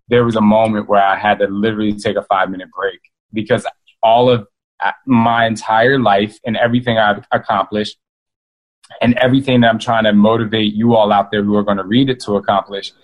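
A man, an author and guest, telling a casual, animated story and speaking straight to his listeners. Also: fairly low pitch, rough recording. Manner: animated, addresses listeners as "y'all".

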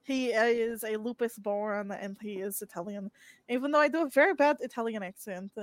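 A woman introducing herself as a tabletop game player, giggly and unhurried. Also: on the high side, dry recording. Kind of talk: casual chat.

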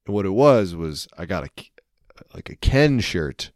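A man's voice: low-pitched, a little slow, no echo, studio quality. A man co-hosting a podcast, chatting casually and telling jokey stories. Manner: jokey, animated storytelling. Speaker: podcast co-host. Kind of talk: casual chat.

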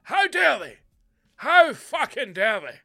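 A man's voice: very high voice, big pitch swings, takes it slowly, vocal fry, bright, forceful tone, pitched above the performer's own voice, heavily acted. A man voicing an indignant, fussy male customer with a huffy, complaining manner. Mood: outraged.

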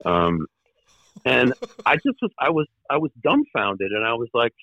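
A man guest in an interview, recalling his years in the record business in a halting way, with many fillers and restarts and the odd wry laugh. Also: mid-range voice, wildly swooping pitch, no echo, highs cut off. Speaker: former record label executive, guest. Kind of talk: conversational interview storytelling.

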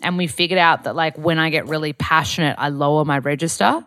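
A woman's voice: sits low, fairly quick, a bit bright, no echo. A woman from Australia hosting a podcast, chatting casually and animatedly with lots of filler words. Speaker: podcast host.

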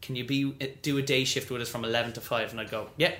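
A man spins a lively story as a podcast guest, acting out quoted lines in high, bright voices. His tone is bright and forceful. The room gives a clear echo. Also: quick pace. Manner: animated, acts out quoted voices. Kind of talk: storytelling interview.

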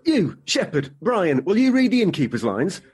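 Blunt grumbling show organiser, radio comedy. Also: male voice, high-pitched, very animated, normal speed, a little mellow, slightly rough, full character voice. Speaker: amateur show director.

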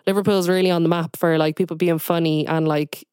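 Rambling young woman, smooth voice. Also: fairly low pitch, steady tone, brisk, a little mellow, no room sound, studio quality. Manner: rambling, heavy on "like" and "um". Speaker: guest. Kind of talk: casual podcast chat.

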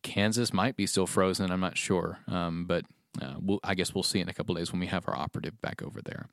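A man co-hosting a podcast in a casual chat, halting and full of fillers as he explains things. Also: low-pitched, creaky, no room sound, studio quality. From Tennessee, USA. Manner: hesitant, many fillers and restarts. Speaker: podcast co-host.

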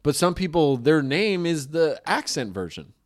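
A man's voice: a little high, sing-song, moderate pace. A man in casual podcast chat, rambling and joking, with frequent swearing. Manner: rambling, profane, jokey.

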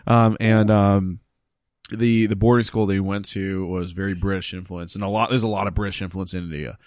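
A man co-hosting a casual podcast chat over drinks, jokey and animated, slipping into mock announcer readings. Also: deep voice, moderate pace, dry recording, clean studio sound. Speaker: podcast host.

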